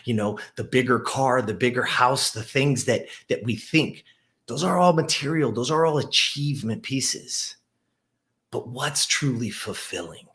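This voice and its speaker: A motivational story comes from a middle-aged gym owner and host speaking to camera. Excitement pushes his voice up, while reflection pulls it down low.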